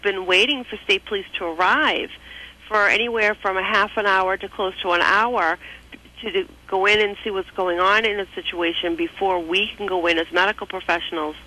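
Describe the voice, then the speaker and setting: A woman's voice: mid-range voice, fairly even intonation, normal speed, pushed and bright. A woman from New calling into a radio show, speaking earnestly and steadily as an advocacy spokeswoman. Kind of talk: phone-in radio interview. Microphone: telephone. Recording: tinny phone line.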